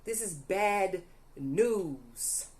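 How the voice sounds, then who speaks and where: A woman's voice: on the low side, animated, very slow, a little mellow. A young woman reading tarot cards to her viewers, emphatic and repetitive, often stopping to ask "okay?". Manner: emphatic, repeats "allegedly" and "okay?", audibly angry at times. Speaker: tarot reader.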